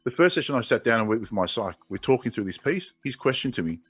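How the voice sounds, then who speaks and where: A man's voice: medium pitch, animated, quick pace, fairly bright tone, breathy edge, no echo, soft background music. A man in his forties with an Australian accent, telling his own story as an interview guest, earnest and emotional, often restarting his sentences. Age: 40s. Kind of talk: candid personal storytelling.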